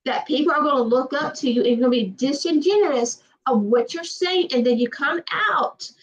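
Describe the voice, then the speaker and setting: A high-pitched woman with a Southern accent talks fast and emphatically, often repeating herself. Her voice sounds set back from the mic, and the livestream audio is dull. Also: far from the mic. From Georgia, USA. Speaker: livestream host. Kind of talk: casual chat.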